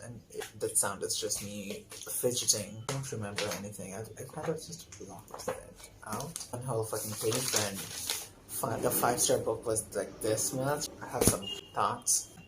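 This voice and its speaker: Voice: medium pitch, a little hiss or hum, rough recording. A young adult reviewing a book in a casual vlog, ranting in an exasperated, sarcastic way and swearing freely.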